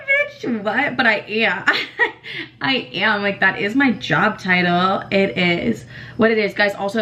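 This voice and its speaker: A woman's voice: mid-range voice, pushed and bright, low-quality recording. A young woman in her twenties hosting her own podcast, chatting casually and animatedly, full of "like" fillers and swearing. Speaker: podcast host. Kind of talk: casual confessional chat.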